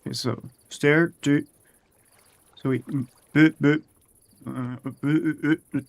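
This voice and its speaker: A man's voice: a little high, steady tone, slow pace, vocal fry, dry recording. A young man giving casual, profane commentary while building in a video game, muttering to himself as he works. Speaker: gaming streamer.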